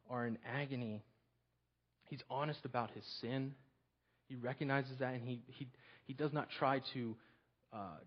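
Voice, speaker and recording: A man preaching a sermon in an earnest, halting way, often restarting and repeating his words. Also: mid-range voice, lo-fi sound. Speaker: pastor.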